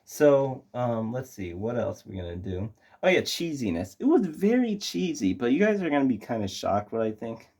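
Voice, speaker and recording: A man's voice: medium pitch, very animated, moderate pace, hardly any pauses, a little mellow. A young man reviewing a movie in casual chat, rambling with lots of fillers and restarts.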